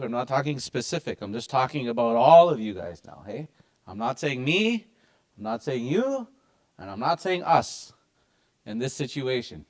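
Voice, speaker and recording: A man's voice: medium pitch, sing-song, unhurried. A man teaching a language class with lots of energy and emphasis.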